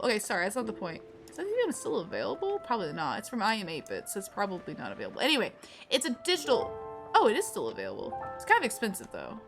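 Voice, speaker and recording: A woman streaming a video game live, chatting casually, getting easily distracted and slipping into high baby talk with her cat. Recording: with game music behind.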